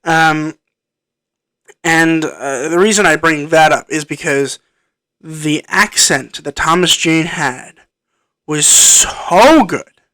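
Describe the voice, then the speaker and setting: Speaking slowly in a fairly high voice, this man gives a loose, hesitant film review full of ums and false starts. The sound is pushed and bright, recorded dry through a computer microphone.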